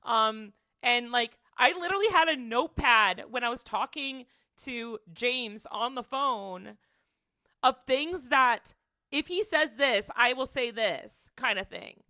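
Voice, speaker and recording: Young woman streamer rambling thru a story, bright crisp voice, dry close sound. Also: fairly high pitch, lively intonation, takes it slowly, dry recording. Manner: chatty, rambling, lots of "like" fillers. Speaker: livestreamer. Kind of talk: casual storytelling chat.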